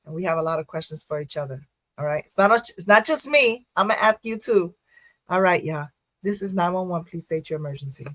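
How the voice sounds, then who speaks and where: A woman in a casual interview, a first responder and poet who tells her stories with quick asides and frequent laughter. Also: on the low side, lively intonation, fairly bright tone, no room sound. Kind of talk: casual podcast interview talk.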